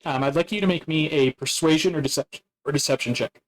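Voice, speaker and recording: A man narrating a tabletop game as its game master, casual and halting, with many fillers. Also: fairly high pitch, rough recording.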